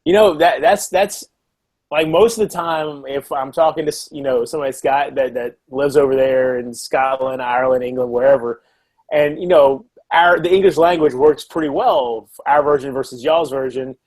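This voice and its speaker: American man, live-chat co-host, rambling and animated, jumps to disbelief. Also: mid-range voice, moderate pace. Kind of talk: casual chat.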